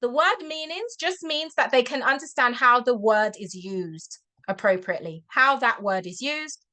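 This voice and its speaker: A woman's voice: on the high side, animated, normal speed, bright, forceful tone. A woman tutor giving a chatty webinar talk to parents over a video call, often checking in with "okay?".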